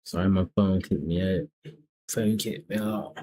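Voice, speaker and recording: A man's voice: low voice, fairly even intonation, measured pace, warm tone. A young man from the South, hosting a live stream and teasing strangers in casual, profane chat. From American South. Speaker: livestream host.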